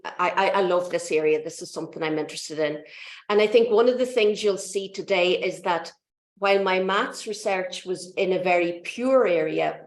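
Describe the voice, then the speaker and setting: A woman in her fifties with an Irish accent, a maths lecturer giving a chatty online talk over a video call, with frequent restarts. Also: on the low side. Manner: chatty, self-correcting, frequent restarts and ums. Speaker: mathematics lecturer. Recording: echoey room.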